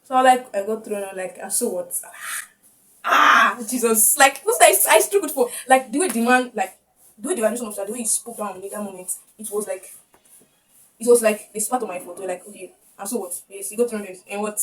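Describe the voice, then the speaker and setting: On camera, a young woman with a Nigerian accent recounts a personal story emotionally, repeating her words again and again. She's a vlogger with a mid-range, steady voice and a fast pace, recorded on a distant mic with faint background noise.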